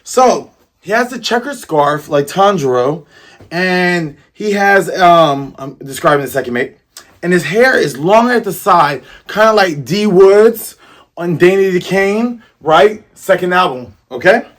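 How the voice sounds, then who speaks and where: A man talks through a manga chapter in a loose, rambling way, full of jokes and slang. His voice sits a bit high for a man, and he keeps it animated and offhand. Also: measured pace. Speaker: host, manga reviewer. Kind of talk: casual commentary.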